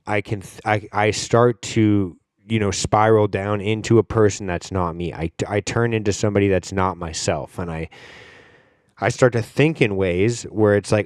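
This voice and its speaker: Low, smooth-voiced man talking casually. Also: darkish tone, no echo, studio quality. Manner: rambling and informal, with fillers and frequent swearing. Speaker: podcast host. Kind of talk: casual solo podcast talk.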